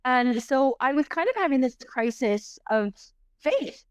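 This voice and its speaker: Animated, rambling middle-aged woman storyteller. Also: high voice, measured pace, clean tone, no room sound. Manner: animated, rambling, full of restarts and "like". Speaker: podcast guest. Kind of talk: personal storytelling in a conversation.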